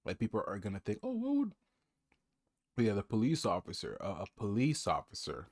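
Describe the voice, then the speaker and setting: A man's voice: on the low side, expressive, fast. A man streaming, reacting to a clip with mocking, sarcastic commentary.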